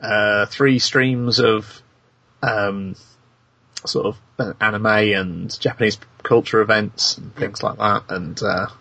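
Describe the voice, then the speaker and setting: Husky-voiced man, dry podcast host. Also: on the low side, steady tone, slow pace, pushed and bright. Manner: dry, wry humour with many ums and uhs. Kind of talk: casual chat.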